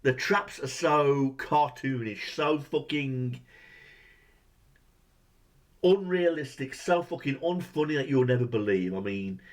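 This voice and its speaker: Exasperated, cussing male movie reviewer. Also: mid-range voice. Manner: exasperated, heavy swearing, rhetorical questions. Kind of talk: profane ranting movie review.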